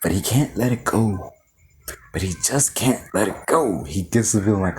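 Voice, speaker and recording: Sarcastic male film reviewer, low voice, very lively delivery, profane and rambling. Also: normal speed, slight background noise. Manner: animated, frequent fillers and self-interruptions. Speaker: film reviewer, show host. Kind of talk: casual spoken film review.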